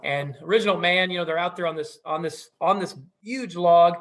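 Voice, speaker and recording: A middle-aged man telling a traditional story in a relaxed, conversational way, with asides and fillers. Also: high voice, fairly quick. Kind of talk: casual oral storytelling.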